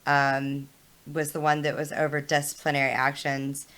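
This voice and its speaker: A woman's voice: low voice, little pitch movement, moderate pace, fairly bright tone, clean tone. A young woman streamer chatting casually and telling a story bluntly, with heavy swearing. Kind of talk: casual chat on a live game stream.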